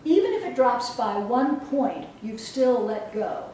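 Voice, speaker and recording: A woman coach giving a motivational talk and leading a guided exercise with slow, emphatic, soothing instructions. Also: on the high side, lively intonation, warm tone. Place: event hall. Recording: roomy echo from far off, faint noise.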